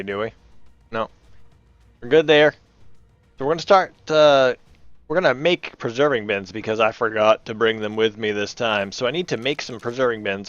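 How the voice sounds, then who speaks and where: A man's voice: lowish voice, fairly bright tone, no room sound, dull audio. A man hosting his gaming channel, chatting and rambling through his gameplay and talking to the animals in the game. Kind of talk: casual gameplay commentary.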